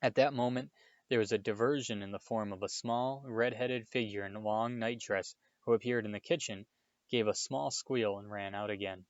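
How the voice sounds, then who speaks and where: Male reader, steady storybook narration, low pitch, dull sound. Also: moderate pace, no room sound. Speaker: audiobook reader.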